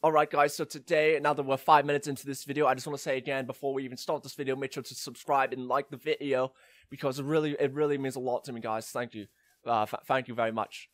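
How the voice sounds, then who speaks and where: A man's voice: flat delivery, fast talker, dry recording, lightly acted. A man putting on a peppy British YouTuber. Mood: eager, upbeat. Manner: overly eager promo pitch. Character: stereotypical male British YouTuber, eager and upbeat.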